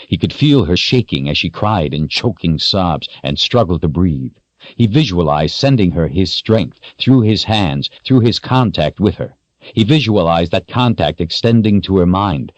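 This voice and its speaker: Deep-voiced male audiobook narrator. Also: no echo. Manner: steady, measured storytelling. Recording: dry, dull lo-fi studio sound.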